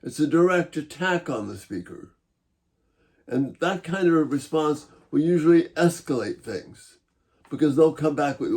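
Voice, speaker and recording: Mellow-voiced man teaching calmly. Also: fairly high pitch. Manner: calm, measured and gently persuasive. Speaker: Bible teacher. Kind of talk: Bible-based teaching talk.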